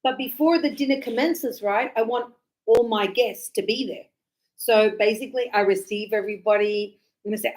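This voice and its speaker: Animated middle-aged woman English teacher, high voice, acts out examples. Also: moderate pace. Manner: animated, acts out little dialogues. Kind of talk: lively teaching explanation with acted examples.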